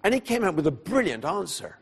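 A man preaching, telling a personal story in an animated way and voicing the people in it, then going hushed at solemn moments. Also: high voice, brisk, creaky, noisy background. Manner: animated storyteller who voices the people in his tale; drops to a hushed, quiet delivery at solemn moments. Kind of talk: storytelling sermon.

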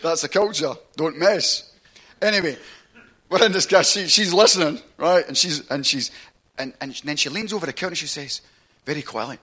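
Man, Glaswegian accent, preacher, bright voice, chatty storytelling sermon, keeps asking "right?". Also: fairly high pitch, fairly quick, husky. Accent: Glaswegian Scottish. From Glasgow, Scotland. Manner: chatty, animated storytelling with frequent "right?" and laughs.

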